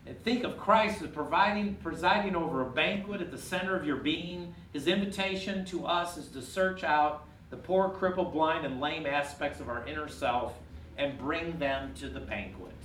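A man preaching a sermon, rising to emphatic peaks and dropping quiet and intimate. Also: on the high side, normal speed, a little hiss or hum. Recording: echoey room, from far off.

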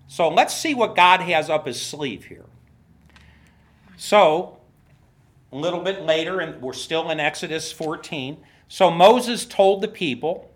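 A man preaching a sermon as a pastor, acting out quoted voices with big jumps in pitch and poking fun at himself. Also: expressive, unhurried. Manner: self-mocking humor, laughs at himself. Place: church.

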